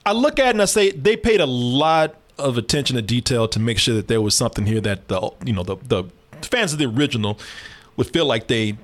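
A man hosting a podcast in casual chat, expressive and quick to agree. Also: mid-range voice.

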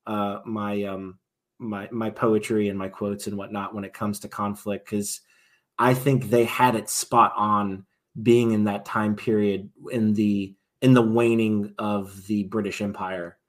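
A man's voice: lowish voice, flat delivery, a little slow. A man, a military veteran, talking casually as a podcast guest, often restarting his sentences and swinging between emphatic and trailing-off delivery.

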